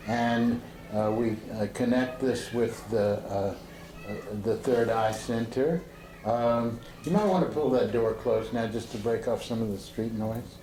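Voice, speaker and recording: Male Sufi teacher, slow and searching, full of ums and restarts; recorded in an echoey room with faint street noise. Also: medium pitch, warm tone. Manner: slow and halting, with many fillers and restarts. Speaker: Sufi teacher leading a group practice. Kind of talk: relaxed spoken instruction to a seated group. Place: indoor room with a door to the street.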